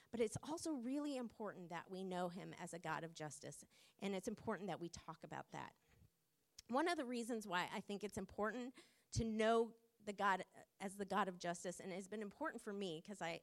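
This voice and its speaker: A woman preaching a sermon in an earnest, measured way, with frequent pauses and fillers. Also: mid-range voice.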